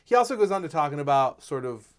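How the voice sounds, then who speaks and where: A man's voice: a little high, sing-song, quick pace. A man co-hosting a casual chat, rambling with many fillers as he retells what someone else said. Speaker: podcast co-host.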